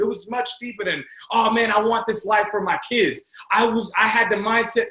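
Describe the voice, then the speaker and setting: Earnest high-voiced man, echoey room. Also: pushed and bright. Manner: earnest, repetitive, addresses listeners as guys. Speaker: interview guest. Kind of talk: emotional personal storytelling.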